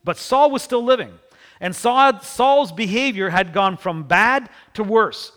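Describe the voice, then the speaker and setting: A man preaching a sermon, telling the story in an animated way and acting out the people in it. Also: sits high, a little slow, big-room sound. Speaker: pastor.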